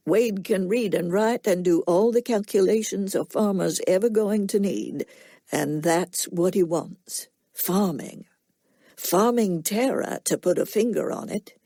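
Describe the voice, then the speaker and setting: A woman reading an audiobook, voicing a soft-spoken middle-aged Southern farmer with a slow nasal drawl and a plainspoken, quietly stern manner. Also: medium pitch, gravelly, dry recording.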